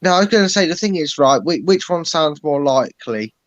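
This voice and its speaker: A man's voice: fairly high pitch, expressive, a little fast, no echo. A man co-hosting a football fan channel, opinionated and sardonic in casual chat. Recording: dry, dull lo-fi mic.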